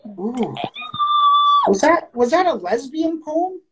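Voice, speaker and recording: A man's voice: very high-pitched, very animated, takes it slowly, a little hiss or hum, poor audio. A man in his late thirties co-hosting a poetry show in casual chat, rambling with stammered restarts and plenty of swearing. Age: late 30s.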